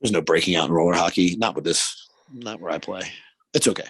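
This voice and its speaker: A man's voice: sits low, a little fast. A man co-hosting a podcast, chatting casually in a laid-back, rambling way with some swearing. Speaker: podcast co-host. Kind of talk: casual chat.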